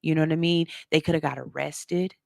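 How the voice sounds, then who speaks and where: A woman hosting a radio show, telling a story to her listeners in a casual, animated way and calling them "y'all". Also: sits low, brisk, gravelly, no echo, studio quality. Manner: animated, talks straight to the audience as "y'all"; slips into soft, hushed voices when quoting people.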